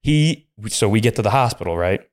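A police detective and podcast guest, telling a story in casual chat and acting out the voices of the people in it. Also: male voice, fairly low pitch, fairly quick. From United States. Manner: animated storyteller, acts out voices with sudden loud jumps.

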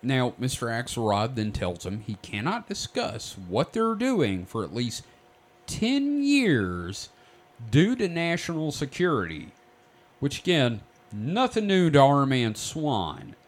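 A man hosts a casual podcast chat, walking his friends through a story. His delivery is joking and animated, and his pitch rises and falls widely as he talks. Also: slow pace. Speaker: podcast host telling the story.

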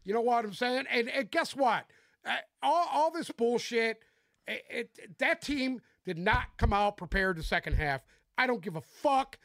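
A high-voiced man rants about football on a casual podcast, swearing freely and getting fired up. He is close on a dry mic with no room sound behind him. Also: animated, unhurried, fairly bright tone, no room sound. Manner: profane, fired-up ranting. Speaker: podcast co-host. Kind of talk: casual sports podcast chat.

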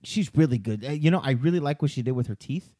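A man in a studio, joking loudly and crudely in casual banter, full of profanity. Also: medium pitch, expressive, fast, breathy edge, no echo. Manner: loud, joking, profane, does silly voices.

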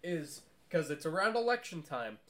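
A man's voice: fairly high pitch, normal speed. A young man co-hosting a podcast, ranting in casual chat with lots of swearing. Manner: profane, animated ranting. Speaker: podcast co-host.

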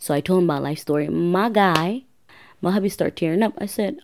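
A woman's voice: fairly low pitch, fairly quick, a little mellow. A woman hosting a podcast, telling her life story in a casual, rambling way that corrects itself as she goes. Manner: rambling, self-correcting, chatty. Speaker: podcast host.

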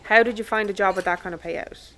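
A woman's voice: mid-range voice, fairly even intonation, fast talker, close to an everyday voice. A woman with an Irish accent playing an irritable, blunt space fleet commander who swears freely. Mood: irritated. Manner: sharp, exasperated, swears freely. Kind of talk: audio drama acting.

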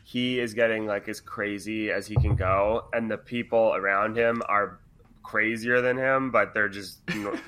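A man's voice: lowish voice, fairly even intonation, normal speed, pushed and bright, slight background noise. A man co-hosting a podcast, talking bluntly and loosely, with plenty of swearing. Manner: blunt and profane, loose and conversational. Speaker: podcast co-host. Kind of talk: casual chat.

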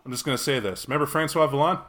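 A man co-hosting a casual podcast and speaking as a game master, driving his points home with emphatic, sarcastic rhetorical questions. His voice is bright and forceful, with a pitch in the normal range. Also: rapid-fire. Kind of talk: casual chat.

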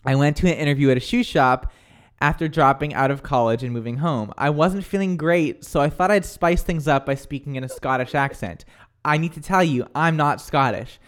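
A man's voice: a little high, moderate pace. A man hosting a casual radio-style chat, reading listener texts aloud and laughing often. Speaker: host.

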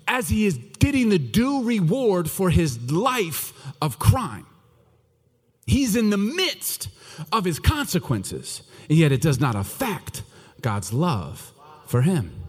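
A man preaching a sermon to his church, joking one moment and hushed the next. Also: high-pitched, breathy edge. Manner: animated, joking, swings between loud and hushed. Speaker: pastor. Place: church hall. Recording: long reverb of a large church hall.

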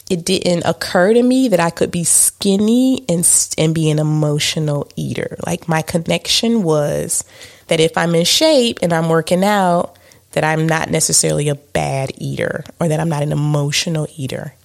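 A woman's voice: low-pitched, vocal fry. A woman co-hosting a podcast in casual chat, talking candidly and with self-deprecating humor, with plenty of ums and likes. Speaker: podcast co-host.

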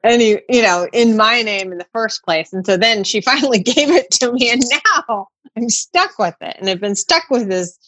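A woman's voice: a little high, moderate pace, few pauses, fairly bright tone, no room sound. A middle-aged woman co-hosting a podcast, ranting in casual chat and swearing a lot. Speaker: podcast co-host.

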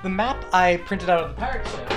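A man acting as game master on a tabletop game podcast, playful and quick to laugh. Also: high-pitched, lively intonation, over music.

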